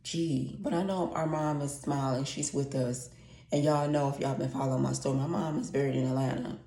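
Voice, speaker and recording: A woman's voice: extremely low pitch, steady tone, fairly quick, mellow. A woman in her late forties telling a candid story to her viewers, blunt and heartfelt, swearing freely and repeating her points. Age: late 40s. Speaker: vlogger. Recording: echoey room.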